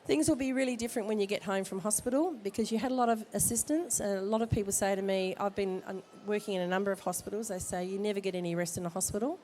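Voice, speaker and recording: She speaks fast with few pauses, her medium-pitched voice a little mellow, and a little hiss or hum runs underneath. A midwife with a cold, she's giving expectant parents jokey, direct advice in an informal talk at a baby expo in the expo hall.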